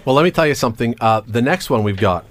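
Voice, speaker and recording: A man's voice: mid-range voice, lively intonation, fast talker. A man hosting a casual radio food segment, joking with his guests. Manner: jokey, chatty interviewer. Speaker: radio show host. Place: radio studio.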